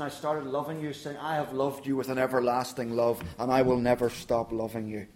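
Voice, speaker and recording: A man preaching a sermon in a church, earnest and direct, dropping softer when he speaks God's words to the listeners. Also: mid-range voice. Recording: roomy church echo.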